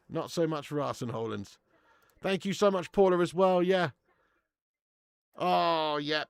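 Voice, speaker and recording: A man's voice: fairly high pitch, no echo. A young man hosting a live watch-along stream, bantering with viewers, swearing and laughing often. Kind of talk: live casual chat to viewers.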